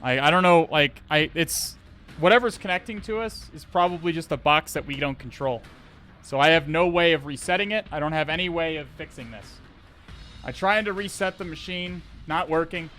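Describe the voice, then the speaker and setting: A man's voice: on the high side, normal speed, pushed and bright, faint music behind. A man live-streaming a hacking session, talking to viewers in an exasperated way, swearing, sighing and restarting his sentences. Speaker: livestreamer.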